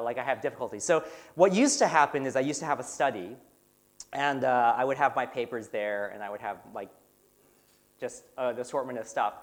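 A middle-aged man giving a humorous, self-deprecating talk to a church group, chatty and full of fillers. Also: medium pitch. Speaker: guest speaker at a church retreat.

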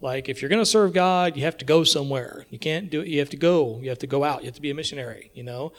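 A man's voice: a little high, fast talker. A man with an American accent preaching a sermon in a church, talking conversationally and often checking in with his listeners. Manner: conversational, checks in with frequent "okay?".

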